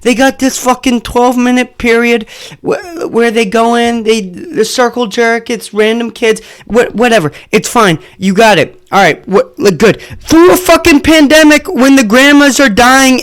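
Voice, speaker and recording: A podcast host in a casual solo episode, ranting and swearing heavily, swinging between muttered asides and loud outbursts. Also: medium pitch, moderate pace, smooth. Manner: profane, heated ranting.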